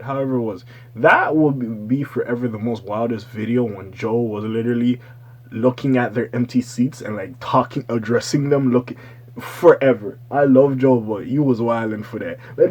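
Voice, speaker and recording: Husky-voiced man riffing casual commentary. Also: medium pitch. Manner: loose, slangy, profane, rambling asides; swings into loud excited bursts. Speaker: commentary channel host. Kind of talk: casual pop-culture commentary.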